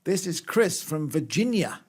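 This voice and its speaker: A man's voice: fairly high pitch, sing-song, unhurried, a little mellow, husky. A man co-hosting a gardening podcast, chatting casually with jokes and stumbling restarts. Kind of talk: casual chat.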